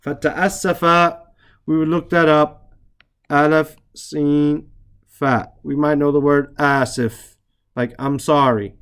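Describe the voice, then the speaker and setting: Man, teacher, reading lesson, patient, slow explanations, repeats words, slightly high voice. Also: flat delivery, a bit bright, clear, resonant tone. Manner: reads Arabic lines briskly, then explains slowly. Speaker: Arabic teacher.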